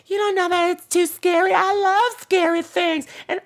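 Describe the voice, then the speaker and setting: A man's voice: very high-pitched, little pitch movement, normal speed, pitched above the performer's own voice. A man putting on a squealing, bossy little girl. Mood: defiant. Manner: squealing and insistent. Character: bossy, excited little girl of about five. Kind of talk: podcast storytelling.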